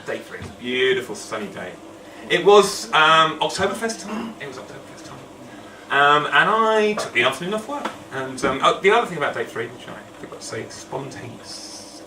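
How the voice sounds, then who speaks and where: A man's voice: mid-range voice, very animated, a little fast, a crowd in the background. A man telling a true story on stage at a storytelling night, rambling and self-deprecating with humour. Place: event hall. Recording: echoey hall, distant mic, noisy.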